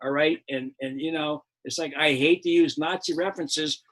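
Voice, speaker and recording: A man's voice: fairly high pitch, fairly even intonation, normal speed, fairly bright tone. An older American man, a comedian hosting a live show, ranting about politics in a profane, rambling, heated way with many restarts.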